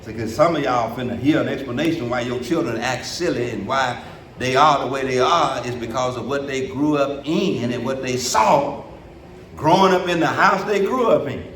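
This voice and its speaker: A middle-aged male pastor preaching a sermon in a church, talking in a loose, colloquial way and swinging from low, quiet stretches up to shouted peaks. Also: normal speed, far from the mic, slight background noise. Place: church sanctuary. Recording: echoey room, preacher off the mic.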